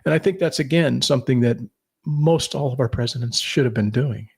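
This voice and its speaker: A man's voice: mid-range voice, brisk, gravelly, darkish tone, husky. A man co-hosting a podcast, giving blunt political opinions, swearing and rambling with restarts. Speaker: podcast co-host.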